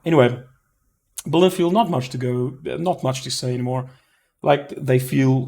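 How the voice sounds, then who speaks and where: A man giving a rambling, profane headphone review, often stopping to correct himself and getting excitable. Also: medium pitch, creaky. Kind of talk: casual review monologue.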